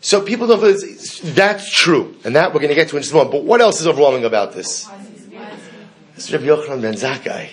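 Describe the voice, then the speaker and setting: A man's voice: on the high side, big pitch swings, quick pace. A man teaching a Talmud class to students, chanting the text in Hebrew and explaining it in English. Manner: asks the class questions. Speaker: Torah teacher.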